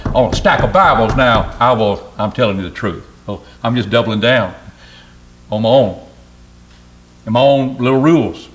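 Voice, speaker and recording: Guy preaching a sermon, earnest and emphatic, keeps repeating himself, normal pitch.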